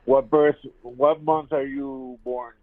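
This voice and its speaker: A man's voice: fairly high pitch, big pitch swings, takes it slowly, gravelly, no room sound. A man in his fifties calling into a live debate show, insistently repeating his argument over and over. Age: 50s. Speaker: caller. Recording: tinny phone line.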